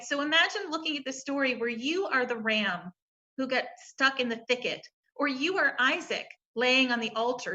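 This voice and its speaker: Woman rabbi, panel talk, reflective and questioning, bright high voice, lo-fi sound. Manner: reflective, poses questions, retells scripture.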